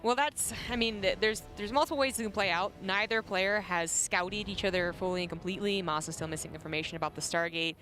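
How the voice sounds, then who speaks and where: A woman's voice: mid-range voice, quick pace, hardly any pauses, fairly bright tone. A Canadian woman co-casting a strategy game match, playful and laughing often as she analyzes. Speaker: esports co-caster. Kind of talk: color commentary. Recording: faint music behind.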